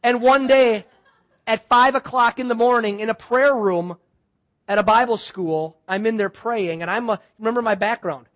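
A man from Wisconsin, a pastor preaching a sermon, telling a story in an animated way and acting out the people in it. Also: extremely high pitch, moderate pace.

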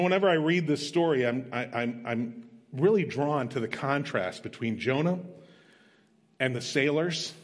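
A man preaching a sermon, retelling a story in a plain, conversational way with emphatic asides. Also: medium pitch. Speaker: missionary preacher. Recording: long reverb of a large hall.

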